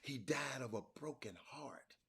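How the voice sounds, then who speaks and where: Husky-voiced man telling a story. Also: medium pitch, unhurried. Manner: animated storyteller, repeats and restarts, addresses viewers as y'all. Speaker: talk show host. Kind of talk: casual livestream history talk. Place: hotel room.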